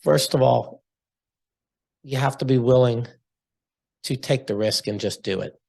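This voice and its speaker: A man, a lender guest in an interview, telling stories in a blunt, animated way. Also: medium pitch, a little slow, creaky. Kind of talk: storytelling in an interview.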